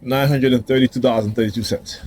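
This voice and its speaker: A man's voice: medium pitch, steady tone, fast talker, a little mellow. A man ranting defiantly to the camera outdoors in a casual, confrontational vlog, laughing now and then. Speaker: vlogger.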